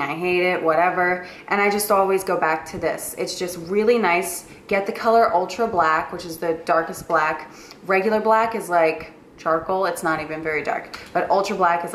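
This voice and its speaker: A woman's voice: lowish voice, fairly bright tone. A young woman with a New York accent, a makeup artist chatting through her monthly favorites in a gushing, filler-heavy way. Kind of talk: casual monthly favorites vlog. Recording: roomy echo with faint noise.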